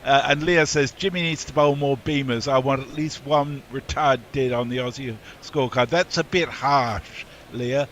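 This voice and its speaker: Bright, chatty commentator reading tweets. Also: male voice, mid-range voice, fairly even intonation, moderate pace, few pauses, a little hiss or hum. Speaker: commentator reading listener messages. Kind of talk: casual chat reading tweets.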